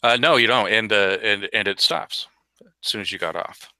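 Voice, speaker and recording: Bright-voiced game master man. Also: lowish voice, moderate pace, no room sound. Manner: narrates with frequent uhs and repeats. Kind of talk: narrating a tabletop game.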